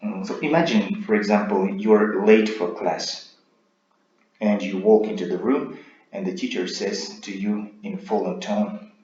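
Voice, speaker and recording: A man giving a recorded speaking lesson as a teacher, explaining in a measured way and checking in with "right?". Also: lowish voice, a little mellow. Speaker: IELTS teacher. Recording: roomy, dull lo-fi sound.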